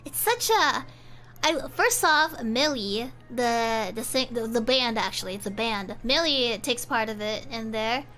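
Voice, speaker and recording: Young woman streamer with a high, lively, bright voice who chats and rambles animatedly. Faint music plays behind her. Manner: animated, rambling, quick to laugh. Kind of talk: casual chat.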